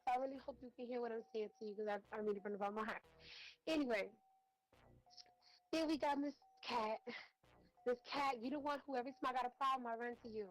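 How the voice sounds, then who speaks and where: A woman's voice: fairly high pitch, fast, long pauses, soft background music, low-quality recording. A woman giving a rambling, heartfelt tribute speech with many fillers. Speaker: roaster.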